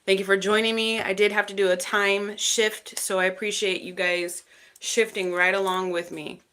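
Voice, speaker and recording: A woman's voice: mid-range voice, level tone, moderate pace, clean tone. A woman from Texas hosting a tarot livestream, chatting casually and thanking viewers by name as they join. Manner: chatty, warm thanks to each viewer by name, frequent fillers.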